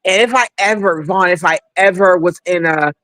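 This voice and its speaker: A man's voice: high-pitched, moderate pace, bright, forceful tone, no room sound. A man joining a casual live chat, joking and telling playful stories.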